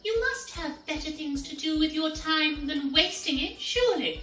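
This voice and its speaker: A woman's voice: sits high, lively intonation, moderate pace, recorded from a distance, pitched above the performer's own voice. A woman doing a prim, proper young Alice. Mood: prim, indignant. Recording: roomy echo with music behind.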